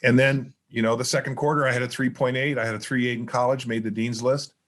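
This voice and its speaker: A middle-aged man, a motivational speaker appearing as a podcast guest, telling stories in a lively way and acting out the dialogue. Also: medium pitch, quick pace. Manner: animated storyteller who acts out dialogue. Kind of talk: storytelling interview chat.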